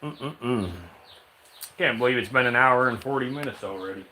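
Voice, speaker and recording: A man's voice: medium pitch, normal speed, pushed and bright, a little hiss or hum. A man streaming live with his reptiles, chatting casually with viewers and teasing his snakes like buddies.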